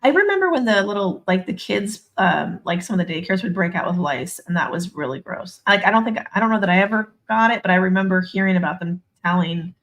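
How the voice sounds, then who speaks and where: A woman's voice: mid-range voice, animated, fast talker, hardly any pauses, fairly bright tone. A woman hosting a casual chat in a natural mid-range voice. She jokes, teases and chimes in often. Her tone is playful and easygoing.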